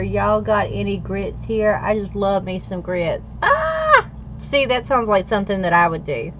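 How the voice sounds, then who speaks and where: A middle-aged woman hosts a casual livestream, chatting and answering viewers' comments. She is playful and laughs often. The audio is a little dull and lo-fi, with faint noise underneath. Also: mid-range voice. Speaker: livestream host. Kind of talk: casual livestream chat while journaling.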